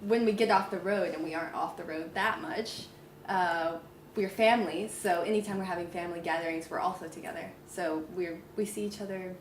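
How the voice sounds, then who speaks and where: A woman's voice: fairly low pitch, steady tone, brisk, a little hiss or hum. An American woman musician chatting in an easygoing way in an interview. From United States. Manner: easygoing, laughing. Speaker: musician guest. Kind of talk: casual interview chat. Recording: roomy room.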